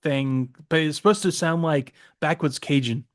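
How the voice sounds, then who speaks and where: A man from the Southeastern US chats casually on a podcast, rambling and circling back through fillers. His voice sits a bit higher than most men's. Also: normal speed. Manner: rambling, many fillers and restarts. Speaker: podcast co-host. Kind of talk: casual chat.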